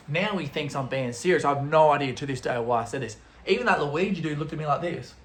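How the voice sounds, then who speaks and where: A young man, a travel vlogger, telling a story casually to camera in an animated way, throwing in sound effects. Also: on the high side, fast. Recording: roomy echo.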